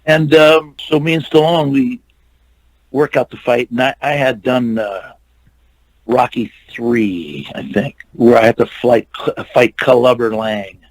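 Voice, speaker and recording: Over poor audio, an older actor and stuntman slowly recounts long, wandering tales in a casual interview. His mid-range voice moves through frequent restarts and bits of quoted dialogue.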